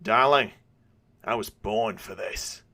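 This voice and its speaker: A man voicing a brash, cackling adult male thief with a put-on Australian accent, loud and shouting. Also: fairly low pitch, slow, full character voice.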